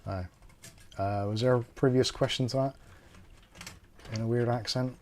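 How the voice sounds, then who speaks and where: A man with a Bristolian accent talks through a PC build on a livestream, easygoing and conversational. His voice sits at an ordinary middle pitch, and he tends to think aloud between tasks. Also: flat delivery, moderate pace, a little mellow. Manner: chatty, thinks aloud while working. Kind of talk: casual livestream chat.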